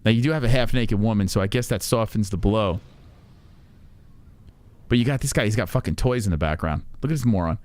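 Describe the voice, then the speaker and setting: A man's voice: lowish voice, brisk, long pauses, a little mellow. A man hosting a livestream, reacting to a clip with crude, mocking commentary and frequent laughter. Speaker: livestream host.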